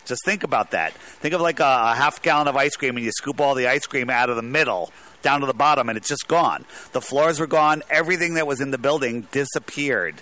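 A man's voice: medium pitch, a little fast, sharp tone. A man calling in to a talk show, talking in a rambling, emphatic way with many restarts. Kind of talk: casual talk radio call.

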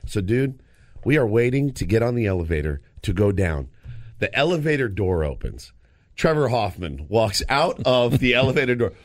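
A man co-hosting a sports radio show, telling a story in a lively, casual way with frequent restarts, in a studio. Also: medium pitch, moderate pace, no echo. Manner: animated storyteller, lots of restarts.

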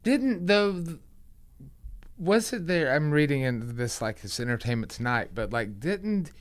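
A man's voice: a little high, sing-song, unhurried. A man hosting morning radio, joking and rambling through restarts in casual banter. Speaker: radio show host.

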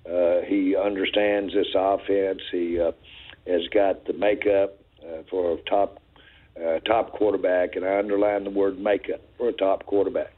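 A team owner, a man, talks on a radio interview in a very deep voice, slow and full of fillers. He comes through a thin, tinny phone line. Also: little pitch movement. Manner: slow, halting, heavy with fillers.

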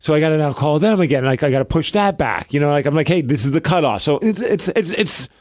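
A male podcast co-host in casual chat, telling a story in a fairly high, very lively voice that jumps up and down. He acts out the quoted lines and pokes fun at himself. The sound is close and dry, with almost no room. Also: fast talker, no echo. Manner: animated, acts out quoted lines, self-mocking.

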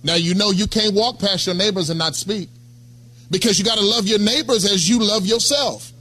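A middle-aged pastor preaches in a high, bright voice. He talks to the congregation like a friend, checking in with them again and again. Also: moderate pace. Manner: conversational preaching, calls out to congregation. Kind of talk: sermon.

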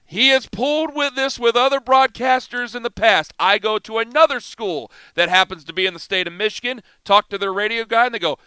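A middle-aged man hosting sports talk radio, telling a story in an animated, self-mocking way. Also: extremely high pitch, brisk, few pauses, clean tone, no room sound. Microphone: studio microphone.

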